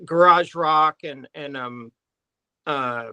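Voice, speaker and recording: A man, a guest musician, answering in a halting way full of pauses and restarts. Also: a little high, bright, forceful tone, smooth, no echo, low-quality recording. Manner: halting, many fillers and restarts. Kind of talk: casual interview chat.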